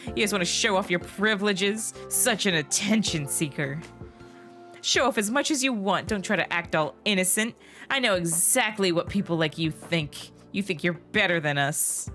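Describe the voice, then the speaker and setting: A woman voicing a paranoid, hostile young man in a game who shouts accusations loudly. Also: medium pitch, moderate pace, soft background music, lightly acted. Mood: hostile accusing. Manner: shouting accusations, loud and jumpy.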